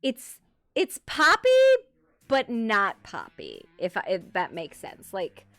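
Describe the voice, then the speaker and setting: Woman streamer, casual and rambling, lively pitch, quiet music underneath. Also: slow pace, dry recording. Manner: rambling, many fillers and restarts, casual swearing, frequent laughter. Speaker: streamer talking about her roleplay character. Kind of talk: casual live-stream chat.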